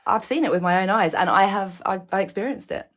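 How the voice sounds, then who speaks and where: A woman's voice: medium pitch, fairly quick. A woman in her thirties co-hosting a casual podcast, telling stories with frequent giggles. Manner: giggly, animated storyteller. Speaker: podcast co-host. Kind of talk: casual chat. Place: small bedroom.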